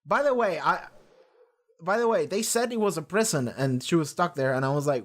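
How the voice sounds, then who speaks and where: A man's voice: medium pitch, a little fast. A man hosting a reaction video, chatting casually and rambling with frequent swearing and restarts. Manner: rambling, profane, lots of restarts. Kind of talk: casual rambling episode discussion.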